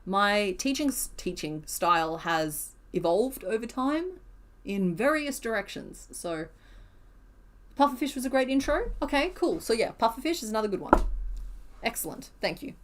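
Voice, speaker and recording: A woman's voice: a little high, sing-song, moderate pace, slight background noise. Woman, live-stream crafter, casual chat to viewers, jokes at her own expense. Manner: chatty, self-deprecating, answers chat questions. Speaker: crochet streamer.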